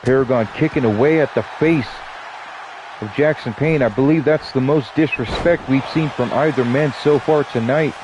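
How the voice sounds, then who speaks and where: A man's voice: medium pitch, normal speed, noisy background. Stuffy-nosed man calling wrestling. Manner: casual, joking asides between calls. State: stuffy nose. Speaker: play-by-play commentator. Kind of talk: wrestling commentary.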